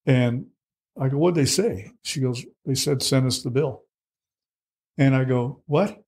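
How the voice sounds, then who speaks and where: A man's voice: mid-range voice, unhurried, slightly rough. Blunt, salty older man telling his story. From United States. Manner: blunt, salty, animated retelling with acted quotes. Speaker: interview guest. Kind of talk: candid storytelling.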